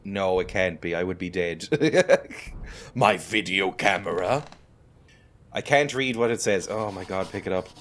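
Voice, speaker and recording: Male gaming host, low voice with a lively swing, wry running jokes while he plays. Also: measured pace, slight background noise. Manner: wry, joking, talks to the game and to viewers. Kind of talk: casual let's-play commentary.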